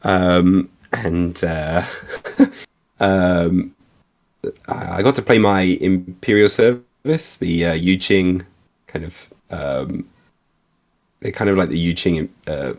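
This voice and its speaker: A man co-hosting a casual livestream chat, talking in a relaxed, chatty way with fillers. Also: sits low, slow pace. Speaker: co-host.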